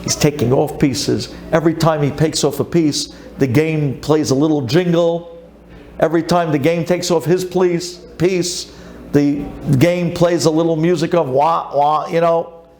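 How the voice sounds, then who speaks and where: A man, a rabbi, telling a story in a sermon with animated, dramatic delivery. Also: a little high, measured pace.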